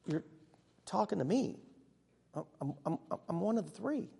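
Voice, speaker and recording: A man playing an earnest, excitable disciple who tells his own story in a church monologue, chatty with sudden hushes and bursts. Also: sits high, normal speed, creaky, breathy edge, exaggerated voice. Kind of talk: first-person dramatic monologue. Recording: long reverb of a large hall.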